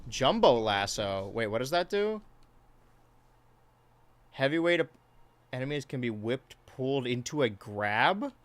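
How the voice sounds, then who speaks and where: A man's voice: mid-range voice, sing-song, a little slow, pauses often. Rambling, swearing male game streamer. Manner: rambling, swears freely, reads chat aloud. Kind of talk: casual let's-play commentary.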